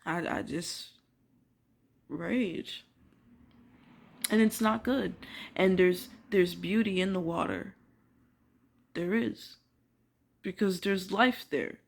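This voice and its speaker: A young woman ranting casually to camera, filling her talk with "like" and swearing, swinging from quiet musing to loud disbelief. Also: mid-range voice, animated, takes it slowly, creaky, long pauses. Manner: emphatic, swears, many filler "like"s. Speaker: vlogger.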